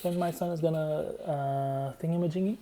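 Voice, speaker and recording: Guy with a mellow voice rambling deadpan, wanders off topic, faint hum behind. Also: on the high side, normal speed. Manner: meandering, deadpan, repeats himself. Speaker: vlogger. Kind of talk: rambling storytelling monologue.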